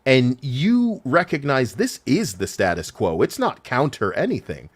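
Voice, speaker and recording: A profane, animated man holding forth in a casual podcast chat. His voice rises and falls a lot as he rants with quick asides. The sound is dry and close, with no room. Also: medium pitch, breathy edge, no room sound. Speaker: commentator.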